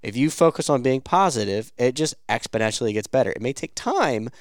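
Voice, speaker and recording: A man's voice: medium pitch, animated, fairly quick, no echo, studio quality. A man with an American accent co-hosting a podcast, talking earnestly in casual chat. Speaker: podcast co-host.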